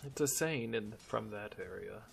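A man playing a tabletop role-playing game, talking in a measured, easy way. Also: fairly low pitch, lively intonation, gravelly, soft background music. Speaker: player.

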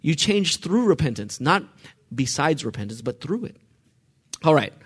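A man preaching a sermon on the Psalms, reading scripture and asking his listeners questions, moving from quiet reading to loud, emphatic outbursts. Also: a little high, big pitch swings, normal speed, breathy edge. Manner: asks the audience questions.

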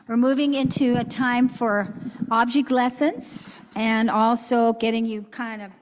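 A woman giving a church object lesson for children, explaining things simply and gently. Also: fairly high pitch, big-room sound. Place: church sanctuary.

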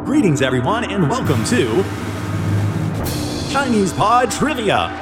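Male advert announcer, quiz-show flair, loud music bed. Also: high-pitched, big pitch swings, slow pace. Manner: showy announcer delivery.

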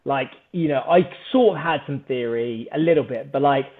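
A British man telling a story on a podcast in an energetic, animated way, swearing freely. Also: mid-range voice, moderate pace, narrow, tinny audio. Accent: British English. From Britain. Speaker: podcast guest, startup founder. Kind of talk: casual storytelling chat.

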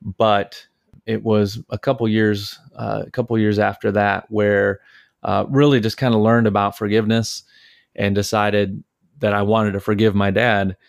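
A man's voice: lowish voice, creaky, clear, resonant tone, no room sound, studio quality. A man from Detroit, a podcast host and father, telling family stories in a casual, rambling way with many fillers and restarts. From Detroit, Michigan, USA. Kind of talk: casual storytelling chat.

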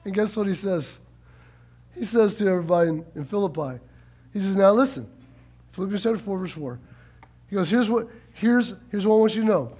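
Man, very high voice, pastor, sermon, animated, repeats for emphasis. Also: slightly rough. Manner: animated preaching, swings from quiet and slow to loud shouts; repeats words for emphasis, acts out quotes.

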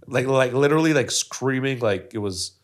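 A man in his thirties with a medium-pitched voice co-hosts a podcast at normal speed. In casual chat, he tells stories animatedly and laughs often.

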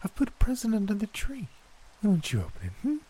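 A man voicing a menacing, sing-song old grandmother in a high falsetto that is sickly sweet and turns to growls. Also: wildly swooping pitch, quick pace, warm tone, slightly rough, full character voice. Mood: strained cheery.

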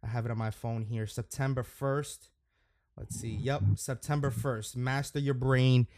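A man's voice: mid-range voice, a little slow, no room sound. Rambling male podcast host, dry sound. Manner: relaxed and rambling, many fillers and restarts. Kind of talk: casual podcast conversation.

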